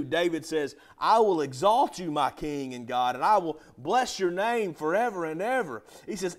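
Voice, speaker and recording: A man preaches to his church in a high, lifted voice. He swings from loud, emphatic rises down to soft drops, and keeps asking the congregation direct questions. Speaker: pastor. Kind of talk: sermon.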